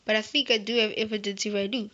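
A woman's voice: medium pitch, flat delivery, fast, bright, forceful tone. A woman host giving rambling, playful, chatty commentary while she plays a game. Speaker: gaming channel host. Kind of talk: gameplay commentary. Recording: slightly muffled with faint hiss.

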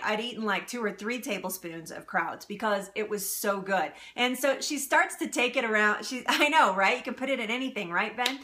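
A woman's voice: medium pitch, moderate pace, hardly any pauses, pushed and bright. A woman hosting a live cooking stream, chatting casually, laughing often and answering viewer comments. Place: home kitchen.

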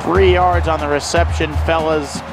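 A man's voice: a little high, level tone, moderate pace, over music, rough recording. A young man giving jokey play-by-play commentary in a mock announcer style. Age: young adult. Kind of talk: comedic mock sports commentary.

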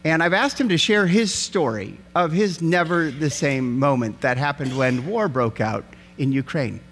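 A man's voice: a little high, expressive, normal speed, fairly bright tone. A middle-aged man preaching an Easter sermon as pastor, telling a story animatedly and acting out the voices. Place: church sanctuary. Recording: hall reverb in a church.

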